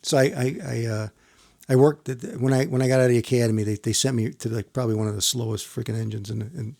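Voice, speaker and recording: A man's voice: mid-range voice, fairly even intonation, quick pace, gravelly, mellow. A man who works as a firefighter, telling a long story in casual chat with many restarts and casual swearing. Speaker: firefighter guest.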